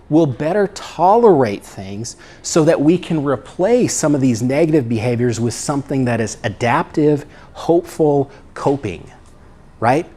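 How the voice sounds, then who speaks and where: A man's voice: medium pitch, lively intonation, moderate pace, darkish tone. A middle-aged man, a psychologist, giving a conversational lecture and often checking in with "right?" and "okay?". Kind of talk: lecture talk.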